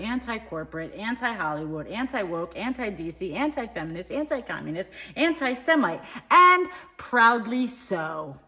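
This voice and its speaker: A woman's voice: on the low side, a bit bright. A woman playing a dim-witted, bigoted comedy character who rambles from tangent to tangent in a satirical monologue. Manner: rambling, mishears words, flits between tangents.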